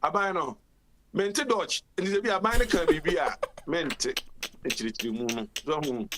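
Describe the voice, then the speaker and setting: A man's voice: on the high side, normal speed, noisy background. A man rambling on a radio talk show. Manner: rambling, exclamatory, often calls out "Papa". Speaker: radio guest.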